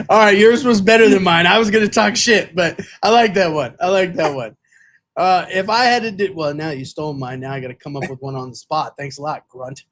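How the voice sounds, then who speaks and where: A man's voice: sits high, fairly quick, fairly bright tone. A man co-hosting a football podcast, talking in casual chat with lots of fillers and restarts. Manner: rambling, many fillers and restarts. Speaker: podcast co-host.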